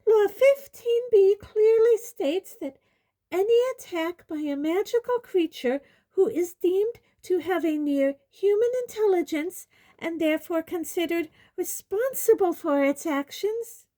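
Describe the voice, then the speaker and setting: A woman voicing a shrill, pompous middle-aged woman official who shrieks in indignation. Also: lively intonation, a little slow, dark tone. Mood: haughty. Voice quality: shrill, prim, screeching.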